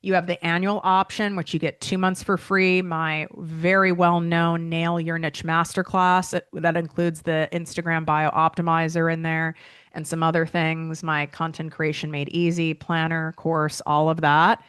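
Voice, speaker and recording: A woman's voice: sits low, level tone, normal speed, fairly bright tone, clean tone, dry recording, studio quality. Chatty, emotional woman podcast host. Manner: chatty, emotional, many fillers like "like" and "okay". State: emotional, close to tears. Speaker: podcast host and business coach. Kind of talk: casual solo podcast talk.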